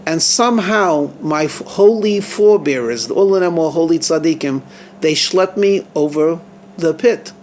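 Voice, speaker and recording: A man speaking as a calm, devout old rabbi. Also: fairly high pitch, moderate pace, a little hiss or hum, lightly acted. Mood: reflective. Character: calm, devout older male rabbi, steadfast.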